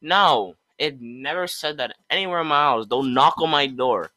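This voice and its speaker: A man's voice: mid-range voice, moderate pace. A young man co-hosting a casual podcast, joking around and slipping into mock voices. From United States. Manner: jokey, animated, slips into mock voices. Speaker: podcast co-host. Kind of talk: casual chat.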